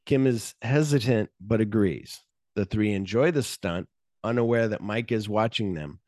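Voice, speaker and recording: A man's voice: on the low side, normal speed, darkish tone, no echo, studio quality. A man hosting a casual podcast chat, recapping a film plot and swearing freely as he jumps into quoted lines. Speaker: podcast host.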